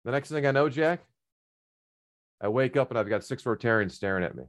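A man's voice: mid-range voice, animated, a little fast. A middle-aged man casually telling a long personal story, rambling with many fillers and restarts.

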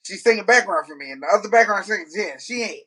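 A husky, high-pitched man speaking. He tells funny stories in a loose, laughing way and slips into voices of the people in them. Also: fast talker. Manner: animated storyteller, laughs often, mimics voices. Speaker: gospel singer. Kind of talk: casual storytelling chat.

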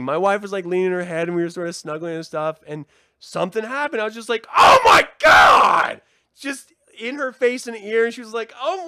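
A man hosting his own podcast, excitedly chatting, laughing and swearing often. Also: very high-pitched. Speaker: podcast host. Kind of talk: casual podcast chat.

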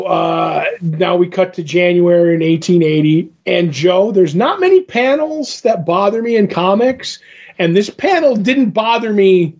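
A man's voice: high-pitched, a little mellow. A man co-hosting a podcast, rambling through a comic retelling in a casual chat with plenty of fillers and asides. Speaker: podcast co-host. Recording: dull lo-fi podcast audio.

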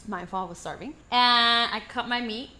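A woman in casual podcast chat, telling a long story with lively, profane delivery. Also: a little high, moderate pace. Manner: animated storyteller, swears freely. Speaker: podcast co-host.

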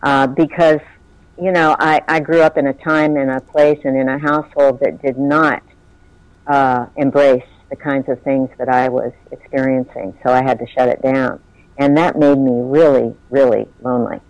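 A woman in her sixties, a guest telling personal stories in a heartfelt, halting way with many fillers. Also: very deep voice, steady tone, a little mellow, dry recording, rough recording. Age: 60s. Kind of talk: personal storytelling in conversation.

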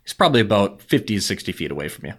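A man narrating a tabletop game as game master, relaxed and chatty with many fillers. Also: lowish voice, very fast, slightly rough.

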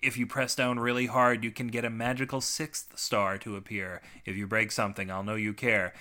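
A man hosting a comic podcast and reading his own short story, full of sardonic, self-mocking deadpan asides. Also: lowish voice, normal speed.

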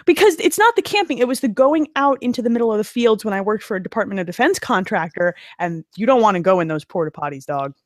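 A woman's voice: medium pitch, lively intonation, fast talker, few pauses, no echo, studio quality. A woman hosting a podcast, talking in casual, profane, joking chat. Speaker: podcast host.

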